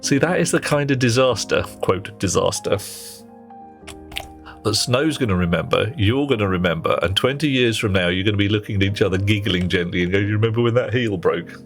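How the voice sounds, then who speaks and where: A man with a fairly low voice chats on a live game stream. He teases his viewers in a playful, cheeky way, then drifts into muttering to himself about what he needs next. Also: brisk, creaky, faint music behind. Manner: playful, teasing banter with viewers; talks to himself while working. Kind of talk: casual live-stream chat while playing.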